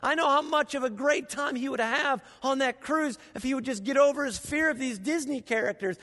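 A man preaching a sermon as pastor, telling stories with animated sound effects in a church auditorium. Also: very high-pitched, fairly quick, hardly any pauses. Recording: long reverb of a large auditorium.

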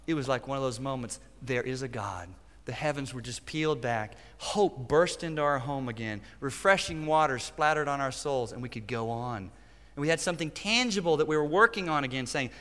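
A man in his forties preaching a passionate sermon as pastor, swinging from loud, urgent lines to quiet, hushed ones. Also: a little high. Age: 40s. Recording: church hall reverb.

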